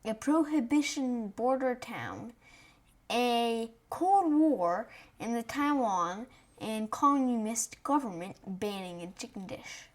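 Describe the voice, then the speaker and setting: A woman's voice: fairly high pitch, animated, unhurried. A woman co-hosting a podcast with curious, light reactions and quiz questions. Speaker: podcast co-host. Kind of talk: podcast banter.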